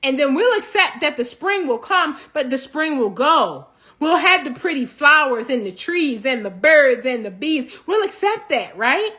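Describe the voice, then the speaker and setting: High-voiced, animated motivational woman. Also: measured pace. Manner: animated, preachy, laughs between points. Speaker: host of a healing talk show. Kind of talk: motivational talk.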